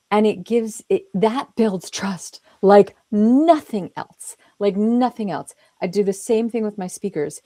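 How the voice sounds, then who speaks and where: Hosting a podcast conversation, a woman talks earnestly and emphatically in an interview style, acting out short quoted lines. Her mellow, mid-range voice moves at a measured pace with hardly any pauses, and the recording is dry.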